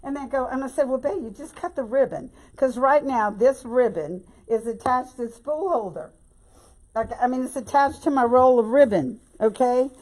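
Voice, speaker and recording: A woman's voice: fairly high pitch, darkish tone. A woman giving a chatty, folksy live-stream tutorial on making bows, often calling viewers "y'all" and "babe". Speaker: bow-making instructor.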